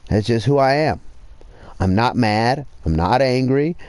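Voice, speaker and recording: Man, streamer. Profane rambling rant, pushes louder for emphasis, dry close sound. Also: medium pitch, lively intonation, a little slow, no echo. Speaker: livestreamer. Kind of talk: casual livestream rant.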